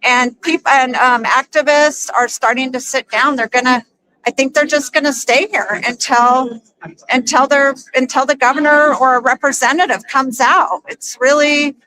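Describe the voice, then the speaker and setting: A woman reporting live at a press conference, interviewing people on the spot with quick, slightly flustered asides. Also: high-pitched, steady tone, crowd noise, rough recording. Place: outdoor protest at a state capitol.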